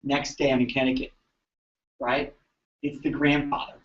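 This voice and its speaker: A man, a chiropractor, telling patient stories to colleagues in an animated, chatty way, often asking "right?". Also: mid-range voice, normal speed. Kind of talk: storytelling talk to an audience. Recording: echoey room, distant dull mic.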